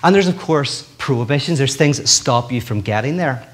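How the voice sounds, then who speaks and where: Man giving an animated joking lecture. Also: mid-range voice, moderate pace. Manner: animated, joking, many restarts. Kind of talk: public lecture.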